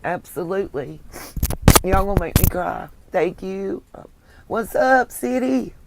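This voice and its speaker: A woman with a Southern US accent hosting a casual livestream, chatting warmly and thanking viewers by name. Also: mid-range voice, animated, unhurried, gravelly, a little hiss or hum. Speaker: livestream host reading viewer comments. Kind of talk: casual chat.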